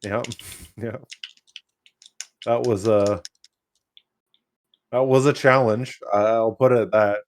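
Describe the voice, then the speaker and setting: A man's voice: fairly low pitch, fairly even intonation, slow pace, pauses often. A young man co-hosting a podcast in casual chat, laid-back, laughing often and swearing freely. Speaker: podcast co-host.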